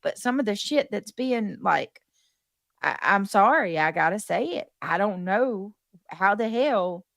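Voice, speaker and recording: A woman's voice: medium pitch, vocal fry, a bit bright, no echo, studio quality. A woman streamer ranting indignantly on a livestream, swearing and stumbling over her words. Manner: indignant, swearing, halting restarts. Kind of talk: casual livestream rant.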